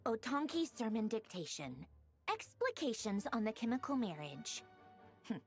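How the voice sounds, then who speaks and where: Brooding scholar. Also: female voice, a little high, sing-song, faint music behind. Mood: pensive. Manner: measured, formal, theorizing aloud. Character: scholarly woman researcher, brooding and intense. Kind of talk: game voice acting.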